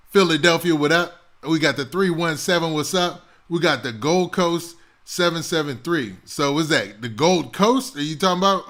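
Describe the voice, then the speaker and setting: A man hosting a live online show, calling out viewers' cities one after another in loose, slangy chat. His voice is bright and forceful, pitched a little higher than most men's. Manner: hypes up viewers with rapid city shout-outs and slang. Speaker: hip-hop news livestream host. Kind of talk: casual livestream chat.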